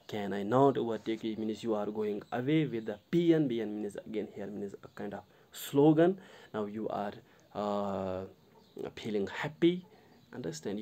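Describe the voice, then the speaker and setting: Halting Kashmiri man explaining a poem. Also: medium pitch, dark tone. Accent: Kashmiri English. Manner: halting, many fillers and restarts, addresses the listener directly. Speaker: literature teacher.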